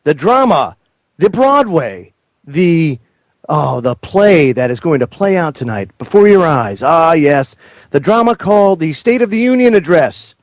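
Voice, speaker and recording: A male radio show host giving loud, joking, mocking live commentary into a studio mic. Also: a little high, big pitch swings, measured pace, no room sound.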